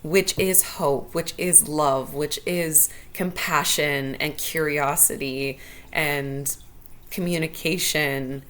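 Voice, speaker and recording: A woman's voice: low voice, steady tone, slow, fairly bright tone. A woman hosting her own show, talking earnestly and from the heart as she thinks aloud on her own. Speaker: podcast host. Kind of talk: solo reflective monologue.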